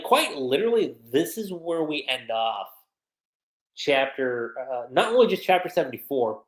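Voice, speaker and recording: Woman doing a casual livestream anime recap, low voice, bouncy delivery, kinda echoey room. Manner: animated, casual slangy recap with many "like"s. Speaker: anime reviewer. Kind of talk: livestream episode recap and review. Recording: roomy echo.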